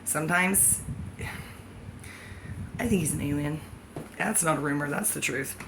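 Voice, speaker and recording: Woman vlogging, kinda low voice, rambly stream of thought, noisy background. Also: measured pace, gravelly. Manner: free-associating, jumpy, laughs often. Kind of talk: rambling monologue. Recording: background noise.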